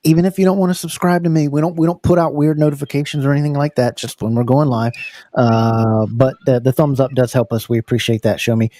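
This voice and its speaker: An American man hosting a live podcast, energetic and full of fillers, repeating words as he goes. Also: medium pitch, quick pace, no echo, studio quality. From United States. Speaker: podcast host. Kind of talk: casual live podcast chat.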